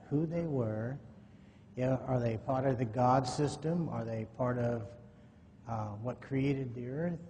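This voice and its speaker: A man speaking at a conference, telling a personal story in a folksy way and acting out the dialogue as he goes. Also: dark tone. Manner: folksy, acts out quoted dialogue. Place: conference hall. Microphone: microphone at a podium or in hand. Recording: echoey hall, faint noise, low-quality 2009 recording.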